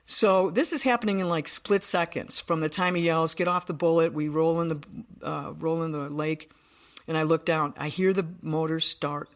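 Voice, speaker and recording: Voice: medium pitch, a bit bright. A podcast guest telling a personal story in earnest detail, often restarting sentences.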